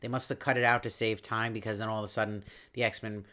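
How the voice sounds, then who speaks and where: A man hosting a show, giving an enthusiastic, casual recap of an animated episode and retelling characters' lines in quick paraphrase. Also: lowish voice. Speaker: show host reviewing episodes.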